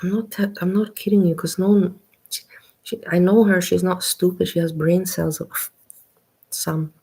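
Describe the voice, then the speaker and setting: A woman reacting to a video in casual commentary, with a lowish, gravelly voice. She talks in a slow, reflective way and circles back over her words as she thinks. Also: flat delivery, warm tone. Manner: slow, reflective, repeats herself while searching for words.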